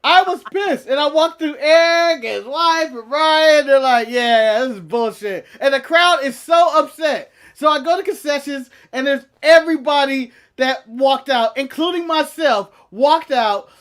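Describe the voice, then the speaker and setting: A man co-hosting a casual wrestling chat show, telling a long story in an animated, profane way and laughing through it. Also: very high voice, unhurried, hardly any pauses. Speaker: podcast co-host.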